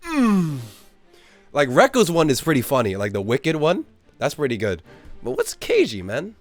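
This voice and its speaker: A man giving excitable let's-play commentary as a gamer streaming a playthrough, swearing freely. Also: on the high side, normal speed, soft background music.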